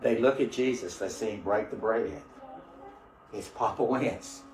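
A man's voice: fairly low pitch, unhurried, a little mellow. Man preaching in an echoey church. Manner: call-and-response preaching with rising, fervent prayer passages. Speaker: pastor. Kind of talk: sermon. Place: church sanctuary. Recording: roomy church sound from a distant mic.

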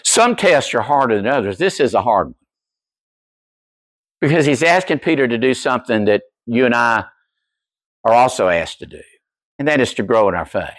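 Animated storytelling male pastor. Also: mid-range voice, moderate pace, long pauses, dry recording. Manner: storytelling, animated, asks the congregation questions. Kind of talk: sermon. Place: church.

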